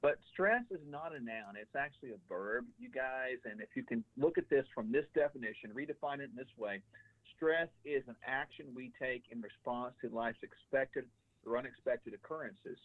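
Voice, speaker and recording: A man's voice: medium pitch, dry recording. A man appearing as a radio show guest, explaining his points in an emphatic coaching manner. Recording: tinny phone line.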